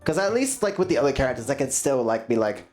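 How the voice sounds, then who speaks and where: A woman's voice: extremely low pitch, big pitch swings, quick pace, a little mellow, faint music behind. A woman streamer chatting casually while playing, swearing and laughing at herself. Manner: swearing, laughing, self-deprecating.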